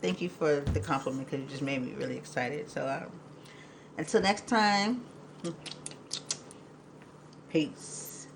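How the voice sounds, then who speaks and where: A woman hosting a live podcast in casual chat, emotional and quick to laugh, talking in a loose, rambling way. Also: deep voice, creaky, background noise. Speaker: podcast host.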